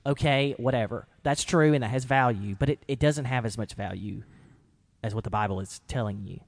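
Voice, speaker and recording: Animated man acting out quotes. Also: medium pitch, fairly quick, creaky. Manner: animated, acts out quotes with lively voices. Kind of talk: casual podcast discussion.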